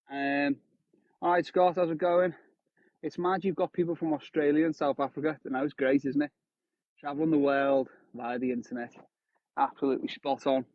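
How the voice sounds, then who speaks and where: A man's voice: a little high, dry recording. A man, in his thirties, chatting casually to viewers during a live stream while fishing outdoors. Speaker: fishing livestreamer. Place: outdoors on a windy shore. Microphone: phone live stream. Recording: dry tinny phone audio.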